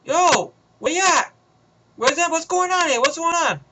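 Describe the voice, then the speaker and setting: A man voicing a panicky male gang member on a radio, talking excitedly and repeating himself, in a noisy home recording. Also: very high voice, moderate pace, voice pushed up. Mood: alarmed.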